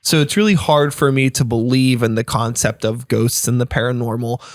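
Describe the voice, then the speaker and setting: A man's voice: medium pitch, moderate pace. A man in casual podcast chat, thinking aloud in a rambling, reflective way. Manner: rambling, thoughtful musing. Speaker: podcast guest.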